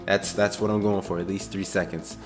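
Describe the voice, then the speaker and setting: A young man hosts a gaming video, talking casually through gameplay in a jumpy, excitable way, yelping and swearing often. His voice sits low and brisk, with faint music behind him.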